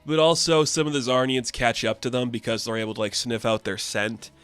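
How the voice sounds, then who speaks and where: A man's voice: mid-range voice, fairly even intonation, brisk, fairly bright tone, clean tone, no room sound, soft background music. A man casually reviewing a comic issue with offhand, slangy asides. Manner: laid-back, offhand, recaps with slangy asides.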